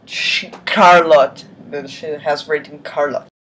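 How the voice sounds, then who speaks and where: A woman's voice: sits low, fairly even intonation, takes it slowly, a bit bright. A woman giving a mocking dramatic reading of a fan story, breaking off for sarcastic asides. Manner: sarcastic asides between read lines; swears and laughs at the text. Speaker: reader of fan fiction.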